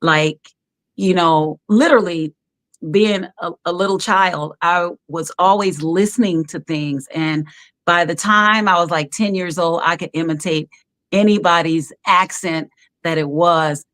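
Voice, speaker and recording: Animated, low-voiced woman telling stories. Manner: animated storyteller, quick to laugh, many fillers. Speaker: guest. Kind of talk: casual interview over a live stream. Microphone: video call.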